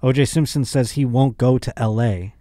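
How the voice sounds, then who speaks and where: A man's voice: mid-range voice, normal speed, warm tone, no echo, clean studio sound. A man hosting his podcast in a casual comedic monologue, rambling and sarcastic. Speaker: podcast host.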